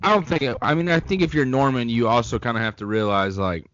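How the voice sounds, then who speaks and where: A man's voice: medium pitch, fast, fairly bright tone, dull audio. A young man co-hosting a casual sports podcast, rambling and joking as he gives his opinions. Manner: laid-back, rambling, jokey. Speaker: podcast co-host.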